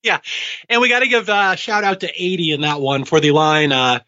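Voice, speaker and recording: A man's voice: on the high side, steady tone, a little fast, sharp tone. A man in his forties co-hosting a podcast, talking casually and eagerly, often laughing. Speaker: podcast co-host. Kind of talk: casual chat. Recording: dull lo-fi sound.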